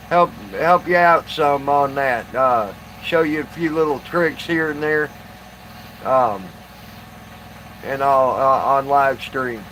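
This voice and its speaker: Halting man chatting on stream. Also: on the high side, fairly bright tone, a little hiss or hum, rough recording. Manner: halting, many fillers and restarts. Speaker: live streamer. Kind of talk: casual live stream chat.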